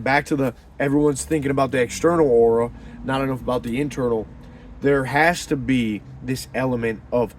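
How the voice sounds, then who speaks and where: A man giving a profane, animated religious pep talk, swinging from loud fired-up bursts to low hushed murmurs. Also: a little hiss or hum. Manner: profane and slangy. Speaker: motivational talker.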